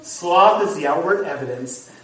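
A man's voice: fairly high pitch, expressive, normal speed, slight background noise. A man preaching a sermon as pastor, earnest and at times emphatic. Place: church sanctuary. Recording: echoey hall, mic from far off. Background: congregation.

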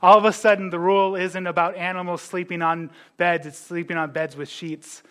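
A man preaching a conversational sermon, animated, acting out the words of biblical characters with casual asides. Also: high-pitched, a little fast. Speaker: pastor.

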